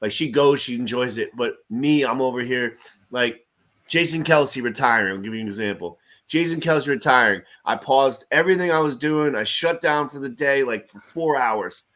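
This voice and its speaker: A man co-hosting a casual fan chat show, telling stories with animated swings and frequent laughs. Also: medium pitch, moderate pace. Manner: animated storytelling, laughs often. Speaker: podcast host.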